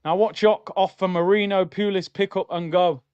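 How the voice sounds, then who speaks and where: A man's voice: high-pitched, fairly even intonation, moderate pace, a little mellow, clear, resonant tone, lo-fi sound. A young adult man hosting a live football watchalong stream, reacting to the match and reading out chat messages in an exasperated, slangy rant.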